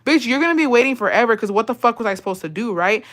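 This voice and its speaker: A woman's voice: a little high, animated, rapid-fire, a bit bright. A woman telling a casual storytime vlog, swearing freely, calling her viewers besties and acting out the dialogue.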